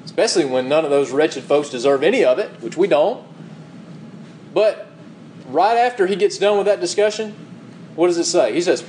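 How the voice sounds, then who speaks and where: A man's voice: on the high side, lively intonation, normal speed, long pauses, darkish tone, a little hiss or hum, poor audio. A man preaching a sermon, reading scripture aloud and asking rhetorical questions with emphatic repetition. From United States.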